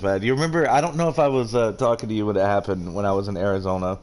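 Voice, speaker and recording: A man's voice: lowish voice, very fast, a little mellow. A man chatting casually on a game stream, rambling and swearing freely. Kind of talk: casual chat while gaming.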